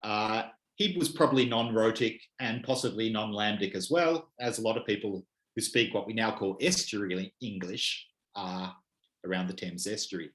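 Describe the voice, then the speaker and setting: A man's voice: lowish voice, moderate pace, a bit bright, reverberant. A man from Melbourne with an Australian accent, co-hosting a casual chat with wry explanations. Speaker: podcast co-host. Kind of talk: casual conversation.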